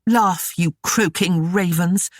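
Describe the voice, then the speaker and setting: A reader voicing a scornful noblewoman with a rasping temper, snarling and railing at the men around her in a historical romance audiobook. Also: medium pitch, lively intonation, a little slow, no room sound, clean studio sound, voice pushed up. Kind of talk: audiobook character voice.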